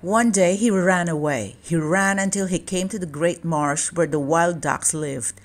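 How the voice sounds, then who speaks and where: A woman reading a children's storybook aloud in a calm, measured way. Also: on the low side. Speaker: children's book reader.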